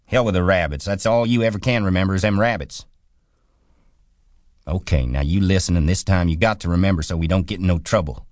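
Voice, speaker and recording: A man voicing a small, irritable, weary ranch hand who talks gruffly and swears in exasperation, in an audiobook. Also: low voice, fairly quick, a little mellow, no echo, clean studio sound, pitched above the performer's own voice, natural voice. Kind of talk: audiobook character voice.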